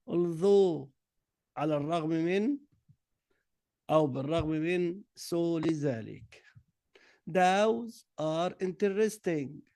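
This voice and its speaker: A male English teacher whose first language is Arabic, with an Egyptian accent. His voice sits high and moves at a slow, deliberate drilling pace as he reads answers one word at a time. The recording is dry and close. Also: darkish tone, no room sound. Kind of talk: classroom lesson mixing Arabic and English.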